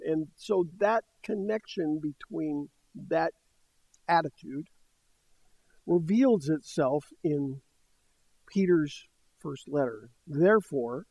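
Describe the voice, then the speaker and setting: A man's voice: a little high, slow pace, a little mellow, husky. An older man preaching a sermon in a conversational way, with light laughs between points. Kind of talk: sermon teaching. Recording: dull dry studio sound.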